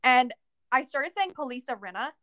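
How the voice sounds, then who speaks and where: Young female co-host, high-pitched and lively, casual and profane, dry close recording. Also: moderate pace, dry recording. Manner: animated, swears, laughs often. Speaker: podcast co-host. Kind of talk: casual chat.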